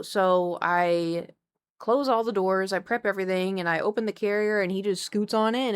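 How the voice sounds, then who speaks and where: Speaking into a desk microphone at home on a live stream, a young woman tells a story to her chat in a chatty, animated way, full of quick asides. Her voice is medium-pitched, clear and resonant, and she occasionally breaks off to talk to her cat.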